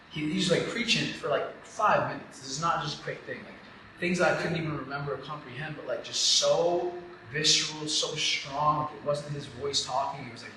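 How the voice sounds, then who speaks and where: A man's voice: mid-range voice, pushed and bright. A man telling a personal story as a podcast guest, rambling and emotional, with a constant "like". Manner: rambling and emotional, heavy use of "like". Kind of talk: casual interview storytelling. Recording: echoey room, far from the mic, noisy.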